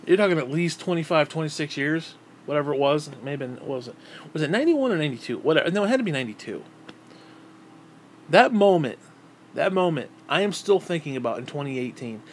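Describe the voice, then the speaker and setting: A man's voice: fairly high pitch, animated, fast, slight background noise. Rambling, cursing man in his thirties. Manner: profane, rambling, repeats and restarts words. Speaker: vlogger. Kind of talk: casual storytelling.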